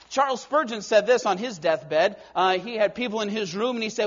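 Guy preaching a sermon, tells stories, goes quiet then punchy, highish voice, dull old tape sound. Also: normal speed, few pauses. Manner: storytelling, swings between soft and emphatic. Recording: dull lo-fi recording.

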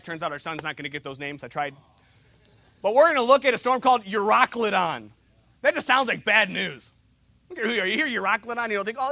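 A man's voice: sits high, bright, forceful tone. A young man preaching a sermon, with a joking, conversational delivery and humorous asides. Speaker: pastor.

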